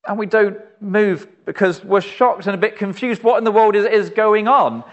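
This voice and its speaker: At a normal pace, a man preaching recounts a vivid tale and addresses the listener directly, frequently lowering to a gentle, imploring voice. The audio sounds dull.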